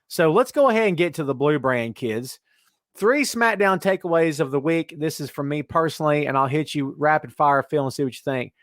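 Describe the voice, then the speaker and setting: A man hosting a casual wrestling podcast, talking in an animated way and reading listener comments aloud. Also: a little high, brisk, no echo. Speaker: podcast host.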